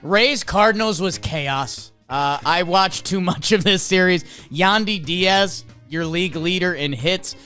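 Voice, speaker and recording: Excitable man recapping baseball with music. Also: sits high, measured pace, hardly any pauses, clear, resonant tone. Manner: excitable, animated, lots of fillers. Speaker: podcast co-host. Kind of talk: energetic sports recap and ad read.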